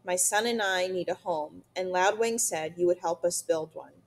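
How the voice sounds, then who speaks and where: A woman voicing a calm, polite female robot mother who speaks in formal, precise sentences in a storybook reading. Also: fairly low pitch, normal speed. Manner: formal, precise, even-toned.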